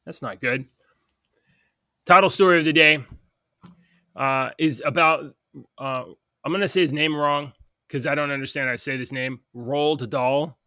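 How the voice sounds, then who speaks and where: An upbeat man hosts a podcast and rambles through stories with plenty of fillers. His voice sits a little high and sounds bright. The recording is dry and close. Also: steady tone, moderate pace, pauses often, dry recording. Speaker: podcast host. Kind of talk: casual chat.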